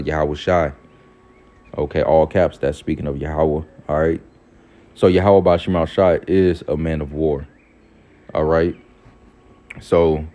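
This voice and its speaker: Deep-voiced man preaching casually. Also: mellow, muffled recording. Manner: casual, repeats "all right" and "man", pauses to look up verses. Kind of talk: informal scripture teaching.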